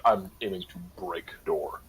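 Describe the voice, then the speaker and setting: A man's voice: deep voice, unhurried, a little hiss or hum, poor audio. A man playing a tabletop game, describing his character's actions in a loose, hesitant way full of "like". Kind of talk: casual game chat.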